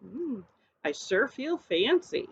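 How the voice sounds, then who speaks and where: A woman's voice: on the high side, sing-song, slow pace, vocal fry, a bit bright, breathy edge, dull audio. A woman preschool teacher reading a picture book aloud and coaxing children to repeat words after her.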